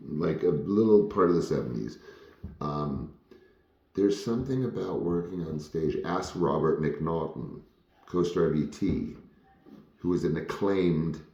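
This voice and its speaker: A man's voice: extremely low pitch, gravelly, darkish tone, echoey room, highs cut off. A former child actor telling rambling, frank stories from his career, with many fillers. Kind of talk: casual storytelling monologue.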